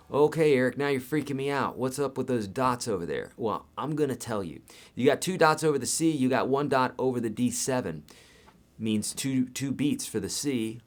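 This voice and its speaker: A man with a medium-pitched, tired and worn voice gives a live guitar lesson in a casual, chatty way, counting the beats out loud.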